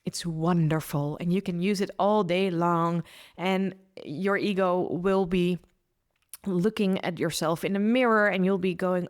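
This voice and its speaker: A woman's voice: on the low side, steady tone, measured pace. A woman hosting a solo podcast, giving earnest, upbeat mindset advice to listeners with frequent restarts. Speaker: podcast host and mindset coach.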